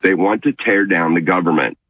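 Male caller, very low raspy voice, earnest and insistent, tinny phone audio. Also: a little fast, no room sound.

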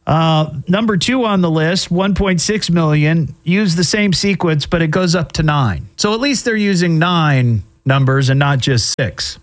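A man's voice: fairly high pitch, measured pace, few pauses. A middle-aged man hosting a show, casually commenting on odd news stories with wry asides and frequent fillers. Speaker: host.

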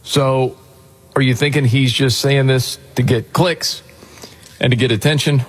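A man's voice: mid-range voice, fairly even intonation, a little slow. A man hosting a casual talk radio conversation, bringing up news topics for his co-hosts. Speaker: talk show host.

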